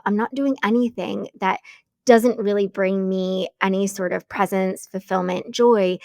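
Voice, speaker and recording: Earnest woman with a gravelly voice. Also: medium pitch, dry recording, clean studio sound. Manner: earnest, candid, reflective, many "like" fillers. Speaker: podcast host. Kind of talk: casual solo podcast talk.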